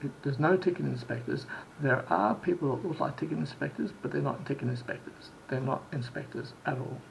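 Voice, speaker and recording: A man's voice: mid-range voice, fairly quick, creaky, a little hiss or hum, low-quality recording. A man from Sydney telling a rambling travel story in a casual vlog, full of restarts and quoted exchanges. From Australia. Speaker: vlogger.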